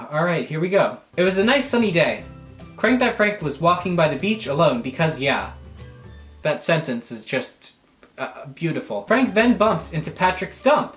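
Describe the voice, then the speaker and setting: A young man and YouTuber reading aloud for laughs, animated and crude, breaking off for mock-offended jokes. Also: on the high side, reverberant. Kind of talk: comedic reading aloud with asides.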